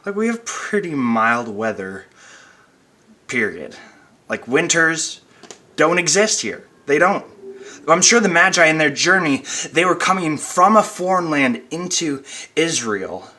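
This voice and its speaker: A man's voice: fairly high pitch, sing-song, unhurried, pushed and bright. A young man speaking as a pastor in a chatty, casual devotional talk, with fillers and light laughs, recorded at home. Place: at home, wind outside.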